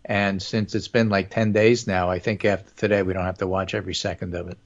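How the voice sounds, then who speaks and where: A man co-hosts a talk podcast in a lowish voice, dry and meandering, with frequent pauses to fill with sounds. His audio is dull and lo-fi. He speaks casually and in an offhand way. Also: flat delivery. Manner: dry, wandering, many "uh" fillers. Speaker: podcast co-host. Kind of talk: casual talk show chat.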